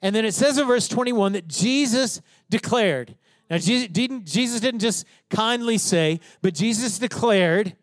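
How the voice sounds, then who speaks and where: A man's voice: high-pitched, measured pace, no room sound. A man preaching a sermon as pastor, stressing key phrases and checking in with his listeners.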